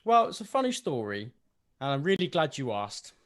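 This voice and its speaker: A man's voice: mid-range voice, sing-song, moderate pace, a bit bright. Man playing an earnest young devotee. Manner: earnest, eager storytelling.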